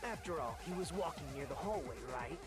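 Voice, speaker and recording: Earnest student debater, insistent, lively pitch, loud game music. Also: female voice, a little fast. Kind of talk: video game voice acting.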